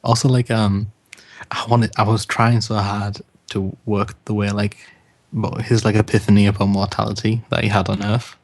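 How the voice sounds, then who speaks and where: Low-voiced man running a tabletop game. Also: level tone, normal speed, dry recording. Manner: chuckling, loose and offhand. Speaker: game master. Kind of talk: casual tabletop game chat.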